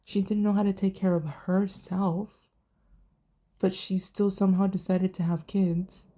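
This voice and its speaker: A young woman chats through her thoughts on a TV show, swearing freely and slipping into the characters' lines as she retells scenes. She talks slowly, and her voice has a dark, mellow tone. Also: mid-range voice. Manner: chatty, profane, animated retelling with quoted voices. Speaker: TV reviewer. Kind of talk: casual vlog recap.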